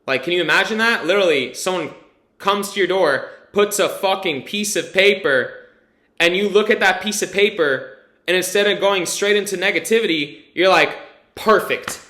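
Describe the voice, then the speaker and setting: A vlogger rambles candidly through a personal testimonial, packed with fillers and casual swearing. His high-pitched voice has a sharp tone and moves at normal speed, in an echoey room.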